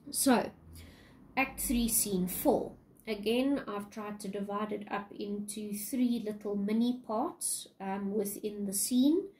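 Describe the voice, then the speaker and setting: A woman's voice: medium pitch, slow, darkish tone, slight background noise, low-quality recording. A woman English teacher casually retelling a play in a lesson, chatty, with many fillers.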